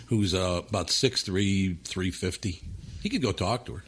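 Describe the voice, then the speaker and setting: A man hosting a talk show in casual podcast chat at a studio mic, teasing his guest with dry, deadpan jokes. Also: deep voice, moderate pace, slightly rough.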